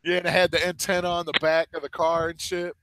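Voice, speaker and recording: A young man co-hosting a podcast, telling stories in an animated way with laughter and swearing. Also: fairly high pitch, fast, crowd noise. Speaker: podcast co-host. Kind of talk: casual chat, storytelling.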